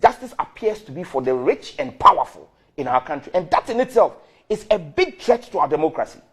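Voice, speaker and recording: A man arguing hard in a heated live TV debate, emphatic and quick to interrupt. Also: a little high, big pitch swings, fairly bright tone, breathy edge. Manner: combative, emphatic, interrupts often. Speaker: member of parliament.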